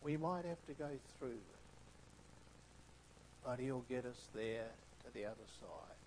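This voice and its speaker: A man preaching a sermon with emphatic delivery that swings between hushed, soft phrases and loud, stressed ones. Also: mid-range voice, lively intonation, unhurried, long pauses, background noise.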